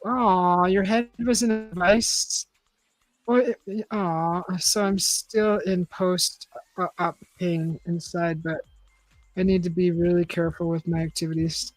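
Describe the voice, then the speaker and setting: A middle-aged woman hosting a relaxed chat show, rambling and chatty as she talks to her viewers and reads from a book. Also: fairly low pitch, unhurried, dry recording, faint music behind, rough recording. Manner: rambling and chatty, with frequent restarts and laughs. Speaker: host. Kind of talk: casual chat and reading aloud.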